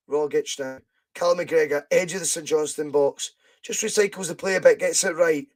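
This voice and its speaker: Scottish male podcast host, high voice, chatty fan commentary, excitable bursts, greets viewers by name. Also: normal speed. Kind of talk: excitable live football watch-along commentary. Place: at home.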